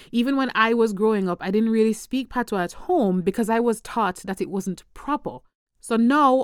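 A woman's voice: medium pitch, smooth, no echo, clean studio sound. A woman from Jamaica hosting a podcast, giving upbeat, conversational, scripted explanations. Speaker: podcast host.

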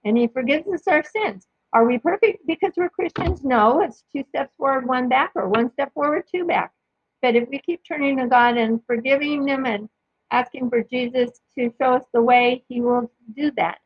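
A woman with a husky, slightly high voice reads scripture aloud for her podcast. She goes carefully and measuredly, adding brief remarks of her own between passages. The recording is dull and lo-fi, with a dry, close sound. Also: no room sound. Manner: careful, measured reading with occasional small slips. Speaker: podcast host sharing Bible readings. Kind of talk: reading scripture aloud with short personal commentary.

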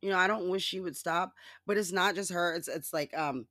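Podcast host, casual solo rant, sarcastic, profane, mocking impressions, mid pitch, dry close sound. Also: fairly quick, sharp tone, no room sound. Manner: laughs often and mimics others in exaggerated high voices.

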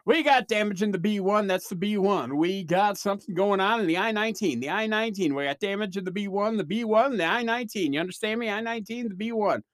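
A man imitating a male doctor who calls out codes rapidly and rhythmically, like a bingo caller. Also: high-pitched, a bit bright, no room sound. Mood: brisk.

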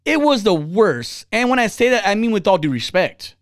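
Talk-show host, male, high and animated voice, casual and candid storytelling, dry close sound. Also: normal speed, no echo. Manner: candid, rambling, with frequent restarts and laughs.

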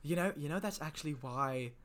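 A man's voice: on the high side, fairly quick, a bit bright. Rambling American man, podcast co-host. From United States. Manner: rambling, filler-heavy, self-deprecating. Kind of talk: casual comedy podcast chat. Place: bedroom.

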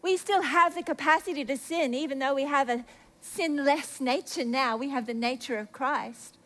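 A woman preacher giving a sermon in a chatty, confessional way, swinging between hushed asides and excited bursts. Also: sits high, moderate pace. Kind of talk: sermon with personal stories.

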